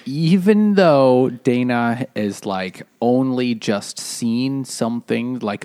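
Male co-host, mid-pitched, close dry sound, chatty book-club banter. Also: lively intonation, measured pace, hardly any pauses, mellow, dry recording. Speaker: podcast co-host. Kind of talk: casual book-club chat over beer.

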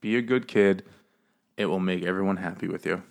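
Speaking fairly quickly in a low voice with vocal fry, a man co-hosts a laid-back book podcast, swearing casually, laughing a lot, and acting out characters while discussing the book.

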